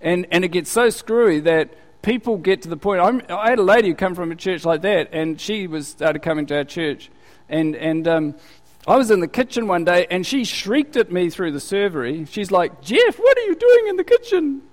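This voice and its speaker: A man's voice: high voice, moderate pace. A male pastor preaching a sermon conversationally, full of rhetorical questions and repeated words. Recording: long hall reverb.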